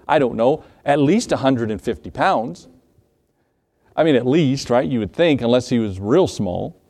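A man preaches a sermon in a folksy, conversational manner. His voice sits a bit higher than most men's. He retells a scripture story, acting out the characters' voices and asking his listeners questions. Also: dark tone. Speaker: pastor.

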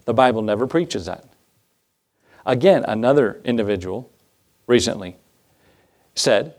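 A man's voice: unhurried, pauses often. A man preaches with a mid-range voice, reading verses in old-fashioned wording. He asks the listeners rhetorical questions, and his voice climbs when he stresses a point. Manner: reads scripture in King James wording, rhetorical questions; animated, rising pitch when emphasizing. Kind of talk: sermon.

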